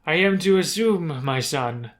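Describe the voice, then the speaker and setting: An icy, imposing drow matriarch speaks in a put-on French accent, as a man acts her out. She is haughty and cold, and her voice sits somewhat above the performer's usual pitch. Every line carries cruel authority. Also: animated, unhurried.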